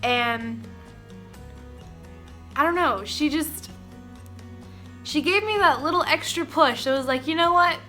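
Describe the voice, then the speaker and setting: A young woman from Oklahoma telling an excited, rambling story about meeting someone, laughing often. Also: high voice, takes it slowly, long pauses, faint music behind. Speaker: vlogger. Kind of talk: casual storytime vlog.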